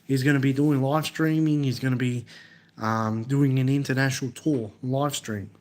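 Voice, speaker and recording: A young Australian man with an Australian accent, chatting casually on a live stream and answering viewers' comments in a halting, repetitive way. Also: mid-range voice, fairly even intonation, a little mellow, a little hiss or hum.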